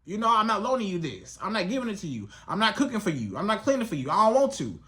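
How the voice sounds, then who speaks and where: A relationship coach talking to camera in a lively, colloquial way, often acting out both sides of a conversation. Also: mid-range voice, fast. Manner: animated, colloquial, acts out dialogues. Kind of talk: advice vlog monologue.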